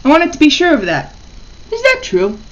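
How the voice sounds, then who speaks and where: A gentleman friend in a horror story, pointed and questioning, as a woman reading it aloud puts him on. The voice stays close to her own, lifted a little higher. The sound is dull and lo-fi. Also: wildly swooping pitch, moderate pace. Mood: probing. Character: probing gentleman friend, male.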